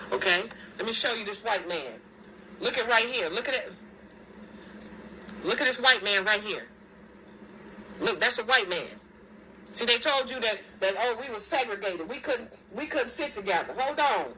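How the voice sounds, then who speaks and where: A woman's voice: medium pitch, pushed and bright, slight background noise, poor audio. A woman talking straight to her viewers in a casual monologue, emphatic and repetitive, pointing out one thing after another. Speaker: video commentator.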